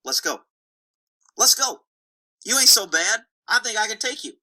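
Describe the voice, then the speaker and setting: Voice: mid-range voice, lively intonation, unhurried, sharp tone, full character voice, rough recording. A horse trainer voicing a stubborn male horse that talks back in blunt, taunting slang. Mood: defiant.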